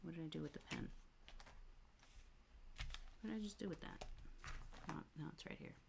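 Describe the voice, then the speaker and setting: A woman hosting a live planning stream at her home desk into a desk microphone, talking softly and half to herself as she works. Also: lowish voice, normal speed, creaky, noisy background. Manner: soft-spoken, muttering to herself while she works. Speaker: planner livestream host. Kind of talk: casual live planning chat.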